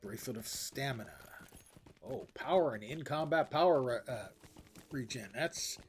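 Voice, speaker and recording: A man's voice: mid-range voice, lively intonation, moderate pace, slight background noise. A middle-aged man streaming a game, thinking aloud in a musing, wry, rambling way with sighs. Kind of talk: casual gameplay commentary, thinking aloud.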